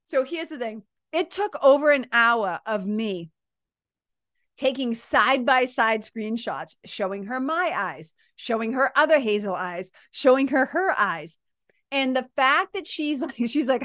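A woman around fifty tells a story in an animated, casual way. She laughs as she talks and swears freely. Her voice sits a little high, and the close mic sounds dry. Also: unhurried, dry recording. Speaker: podcast host.

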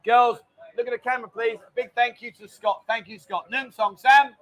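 A man from England hosting a casual live stream, jokey and teasing, talking loudly. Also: very high-pitched, fairly even intonation, normal speed. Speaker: livestream host.

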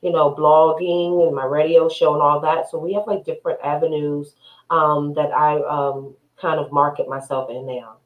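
A woman's voice: sits low, steady tone, phone-quality sound. A woman appearing as a podcast guest, talking frankly and emphatically in a casual conversation. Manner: frank, emphatic, quick to agree. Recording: echoey room sound.

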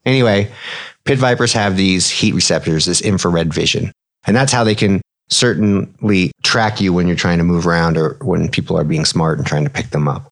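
A man in his thirties, a physician co-host, explaining medical topics in a relaxed podcast chat, mixing clinical terms with slang. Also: low-pitched, moderate pace.

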